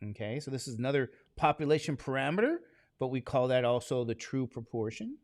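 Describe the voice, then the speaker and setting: A man teaching a statistics class in a casual, conversational way. He keeps throwing questions at the room to draw the students in. His voice sits at an ordinary middle pitch, and the recording is close and dry. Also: expressive, brisk, no room sound. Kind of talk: classroom lecture.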